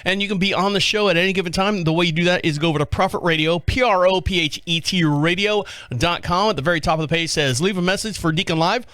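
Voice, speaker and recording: A man's voice: high-pitched, fast, few pauses, a bit bright, no room sound. A man hosting a podcast, telling a neighbor story in a casual, rambling way. He jokes, laughs and swears as he talks. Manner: rambling and joking, with laughs and profanity. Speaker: podcast host.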